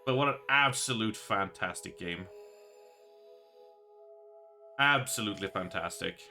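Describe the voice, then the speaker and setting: A man live-streaming a horror game, reading its narration aloud and reacting with excited exclamations and swearing. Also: lowish voice, normal speed, faint music behind.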